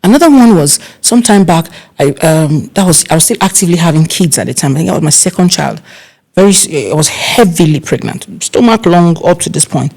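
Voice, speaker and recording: A middle-aged Nigerian woman, an event planner being interviewed, telling stories in a casual, animated way and acting out other people's voices. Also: fairly quick. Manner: animated, acts out quoted voices with big pitch jumps.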